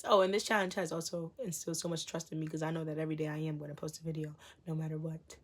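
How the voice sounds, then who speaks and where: A woman's voice: deep voice, little pitch movement, racing, hardly any pauses. A young woman vlogging to her viewers. She gives blunt, emphatic motivational talk, repeats her points and fires off rhetorical questions. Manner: blunt and preachy, sometimes swearing.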